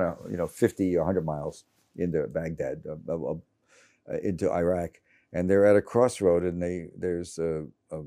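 A journalist guest in his seventies, late in that decade, talks in a warm voice that sits low. The conversation finds him rambling and cranky, with plenty of restarts and stammering.

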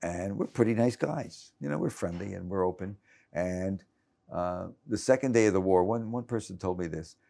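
Speaking at normal speed in a deep, warm voice with vocal fry, a man in his late seventies is interviewed as a journalist guest. Cranky and rambling, he stammers and restarts many times.

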